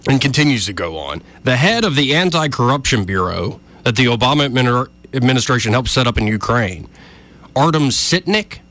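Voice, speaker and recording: A man's voice: medium pitch, fairly bright tone. A man giving argumentative political commentary, addressing his listeners directly. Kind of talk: opinion commentary.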